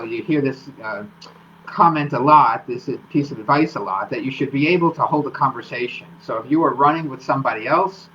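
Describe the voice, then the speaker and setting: A man's voice: mid-range voice, a bit bright, dull audio, a little hiss or hum. A man hosting a live-streamed talk about running, explaining workouts in a coaching tone. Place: home studio.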